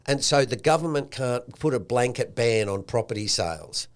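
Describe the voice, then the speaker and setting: Australian man, podcast host, lively and slangy, mid-pitched voice. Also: moderate pace. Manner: animated, acts out quotes with a slangy tone. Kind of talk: casual chat.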